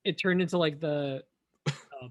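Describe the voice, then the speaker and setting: A man's voice: fairly high pitch, measured pace, no room sound, studio quality. A man co-hosting a podcast in casual chat, trading sarcastic jokes. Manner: sarcastic joking banter. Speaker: podcast co-host.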